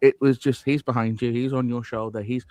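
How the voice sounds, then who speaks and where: A man co-hosting a football podcast, talking in a lively, humorous and wry way. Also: medium pitch, a little fast, no echo. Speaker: podcast co-host. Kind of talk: casual football chat.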